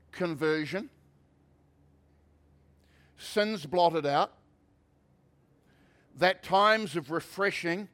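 A man pastor preaching a sermon, shifting from conversational asides to loud, emphatic preaching. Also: on the high side.

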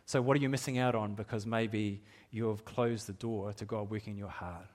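A man's voice: fairly low pitch, fairly even intonation, a little fast, darkish tone. Candid, chuckling man preaching a sermon. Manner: candid, self-deprecating, laughs often, many restarts. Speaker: pastor.

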